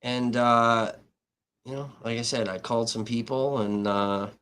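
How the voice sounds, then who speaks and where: A male livestream host tells a story in loose, swearing-heavy speech that keeps heating up. His pitch sits in the ordinary middle range for a man. He reads as an independent reporter venting at his audience and laughs now and then between points. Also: fairly even intonation, a little slow, fairly bright tone, clean tone. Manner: profane, heated retelling of a dispute.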